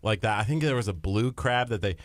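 A man from Nebraska, co-hosting a local talk show, telling stories in an animated, joking way. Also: on the low side, fairly quick, no room sound. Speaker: co-host. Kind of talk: casual chat.

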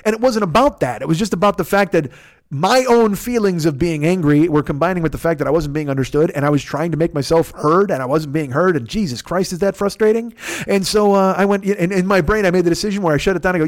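A man's voice: high-pitched, fast talker. A man telling a long profane story in a casual monologue, acting out each side of the conversation himself. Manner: profane, animated, acts out both sides of conversations. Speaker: podcast host.

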